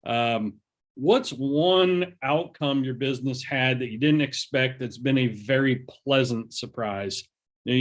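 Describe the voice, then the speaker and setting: A man hosting a relaxed business interview. He talks in loose, conversational asides and often quotes sayings. His voice sits at an ordinary pitch. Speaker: podcast host. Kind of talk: casual interview.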